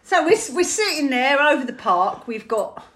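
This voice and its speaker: Chatty storytelling English woman, lively pitch. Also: moderate pace, very noisy. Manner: chatty, storytelling, laughing often. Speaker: podcast host. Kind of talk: casual chat.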